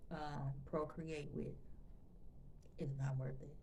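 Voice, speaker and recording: A woman's voice: low voice, flat delivery, slow pace, vocal fry, long pauses, dark tone, slight background noise. A woman vlogger telling a personal story to her viewers in a chatty, emotional way, often talking to them directly and repeating phrases for emphasis. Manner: emotional, intense when recounting.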